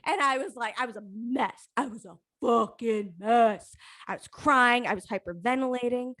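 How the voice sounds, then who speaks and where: A young adult woman telling a comic personal story on a live stream, profane, animated and self-mocking. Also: on the high side, normal speed, dry recording.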